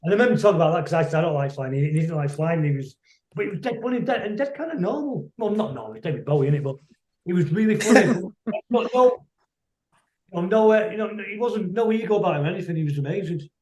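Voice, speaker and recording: A middle-aged man, a musician telling rambling, anecdotal stories as a guest on a video call, quick to laugh. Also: sits high, lively intonation, darkish tone, reverberant. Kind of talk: casual storytelling interview.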